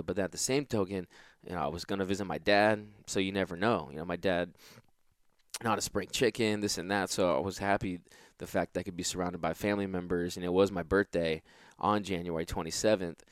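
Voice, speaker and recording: Guy telling a story about being a kid, lowish voice, dry close sound, gets excited and repeats himself. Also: dry recording. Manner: animated, repeats phrases, lots of "you know". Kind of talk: casual storytelling.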